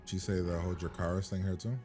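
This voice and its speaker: A man's voice: deep voice, level tone, fast, music in the background. A man reacting to a TV episode for the first time, blunt and profane, firing incredulous questions at the screen. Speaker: reaction host.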